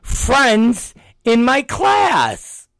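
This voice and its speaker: A man's voice: very high-pitched, huge pitch swings, very slow, a bit bright, dry recording, studio quality, voice pushed up, full character voice. A man putting on the voice of his young son, earnest and matter-of-fact, within a comedic story.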